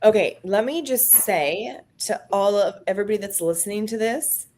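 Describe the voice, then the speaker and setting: A woman's voice: mid-range voice, animated, moderate pace, darkish tone, slight background noise. A woman co-hosting a casual podcast, reacting to her partner's story with gasps and exclamations. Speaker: podcast co-host. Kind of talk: casual chat.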